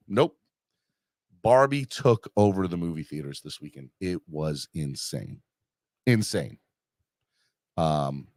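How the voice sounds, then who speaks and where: Man, low voice, dry close sound, casual rambling podcast host, lots of fillers. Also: dry recording. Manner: rambling, self-deprecating, many fillers and restarts. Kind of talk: casual chat reading live comments.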